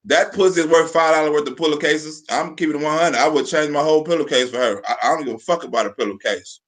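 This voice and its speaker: A man's voice: fairly high pitch, quick pace. A man hosting a live stream, teasing and cursing in casual commentary, often stammering into restarts.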